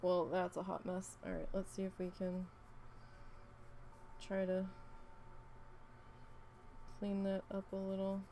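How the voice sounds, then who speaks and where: A woman's voice: medium pitch, completely flat delivery, takes it slowly, long pauses, mellow, slight background noise. A woman, chatting casually and rambling through a story while she crafts, swearing freely. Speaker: craft vlogger.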